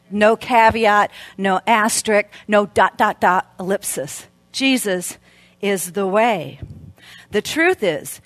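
Animated woman preaching, dry sound. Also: mid-range voice, no echo. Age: middle-aged. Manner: animated storytelling preacher, swings from hushed to loud. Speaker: speaker at a women's Christmas event. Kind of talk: sermon.

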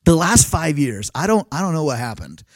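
A man in his thirties, a pastor preaching a lively sermon full of stories and quoted dialogue. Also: a little high, fairly quick, no room sound. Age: 30s. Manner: animated storytelling with laughs and acted quotes. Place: live talk at a family camp.

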